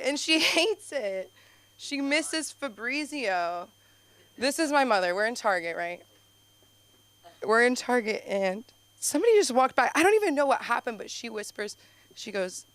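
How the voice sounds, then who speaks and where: A woman doing a stand-up comedy set on a club stage, telling animated stories with constant "like"s. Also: a little high, unhurried. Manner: animated storytelling, heavy use of "like". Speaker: stand-up comedian and show host.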